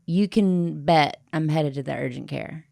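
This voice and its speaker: A woman's voice: sits low, a little slow, creaky, warm tone, dry recording. A woman co-hosting a podcast, chatting casually with blunt, crude humor and frequent laughter. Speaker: podcast co-host.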